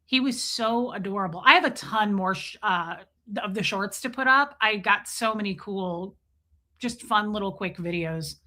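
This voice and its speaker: A woman's voice: medium pitch, normal speed, sharp tone. A woman hosting a casual live stream, chatting loosely with viewers, greeting them by name and swearing freely.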